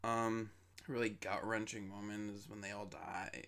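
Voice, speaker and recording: A man's voice: fairly low pitch, little pitch movement, normal speed, a bit bright. Chatty young man reviewing a movie. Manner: chatty and enthusiastic, with many fillers.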